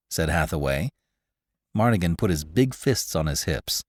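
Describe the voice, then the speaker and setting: A man narrates a short story as a podcast host, reading in a dramatic, expressive way. His pitch moves with animation through every sentence, and the voice sits close and dry, with no room sound at all. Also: moderate pace, no room sound.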